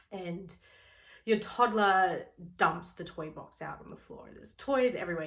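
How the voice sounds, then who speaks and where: A woman who is a parent and works with clients, giving a motivational teaching talk and acting out everyday scenes as she explains. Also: fairly low pitch. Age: adult parent. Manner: expressive, acts out everyday scenes. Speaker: speaker on personal growth, works with clients.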